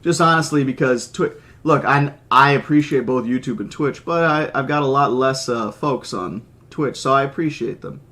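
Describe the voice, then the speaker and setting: A man reads a novel aloud for a live stream in a voice of ordinary pitch, sitting in the middle of the male range. His narration stays plain and steady, broken now and then by easygoing asides to the chat. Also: moderate pace, hardly any pauses. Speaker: audiobook reader and streamer.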